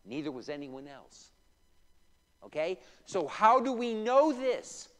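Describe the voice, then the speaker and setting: A man teaching a church Bible class in a fairly high voice that rises and falls with lively swings. He takes his time, mixing joking asides with scripture readings and questions to the class. His voice rings with long church-hall reverb. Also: slow pace. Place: church room.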